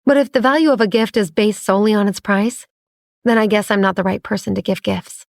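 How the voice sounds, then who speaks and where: A woman's voice: medium pitch, steady tone, brisk, creaky, no room sound, studio quality, close to an everyday voice. A woman doing a poised, clever young inventor.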